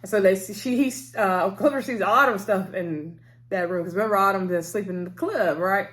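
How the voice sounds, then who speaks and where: A woman's voice: mid-range voice, fairly quick, fairly bright tone. Rambling, chatty woman recapping a TV episode. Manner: rambling, loose, full of fillers like "so anyway" and "um"; chatty and familiar, addressing viewers directly. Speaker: TV episode reviewer.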